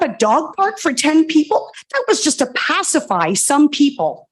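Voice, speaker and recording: A woman's voice: high voice, big pitch swings, moderate pace. A woman resident giving an emotional, passionate comment at a public planning meeting, repeating pointed questions into a standing microphone.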